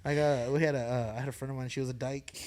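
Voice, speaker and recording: A man telling a crude story on a podcast, loud and full of laughter, acting out the people in it. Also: medium pitch, fairly even intonation, fast. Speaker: comedian guest.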